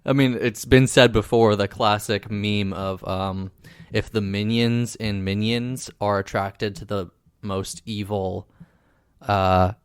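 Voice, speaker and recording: A man's voice: on the low side, steady tone, slow, smooth, no room sound. Dry-sounding man rambling through movie chat. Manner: rambling, joking, trails into asides. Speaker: co-host of movie reaction commentary. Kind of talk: casual movie commentary chat.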